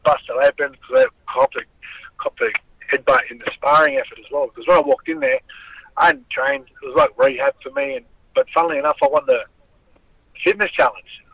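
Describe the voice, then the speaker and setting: Brief: middle-aged Aussie ex-boxer, gravelly bright voice, rough swearing yarn-spinner, dry close sound. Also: male voice, on the high side, a little fast, no room sound, low-quality recording. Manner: swearing, rambling, animated storyteller. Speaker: former boxer, guest. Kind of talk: casual storytelling interview.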